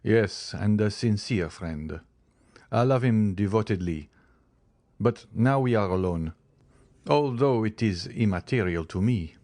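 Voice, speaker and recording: A man's voice: lowish voice, measured pace, a little mellow, dry recording, natural voice. A man reading the part of an eager young viscount in an audiobook, speaking earnestly.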